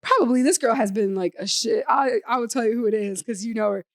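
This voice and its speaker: A young woman co-hosts a casual podcast, spinning a story with lots of "like" and acting out each person in it. Her voice sits high, and the recording is dry and close with no room sound. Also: fast talker, no room sound. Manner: animated, acts out quoted voices, frequent "like". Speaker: podcast co-host.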